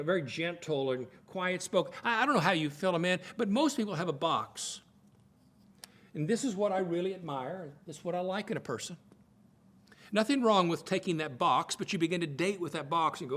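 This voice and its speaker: A man's voice: high-pitched, a bit bright. An older man giving a folksy, conversational teaching talk at a Bible college, often repeating words as he thinks aloud.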